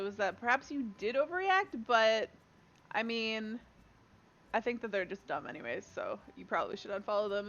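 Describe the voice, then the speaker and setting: Casual streamer: young woman from Canada, slightly high voice, muffled lo-fi stream audio. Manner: chatty, laughs often, talks to chat and a friend. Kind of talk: casual gaming stream chat.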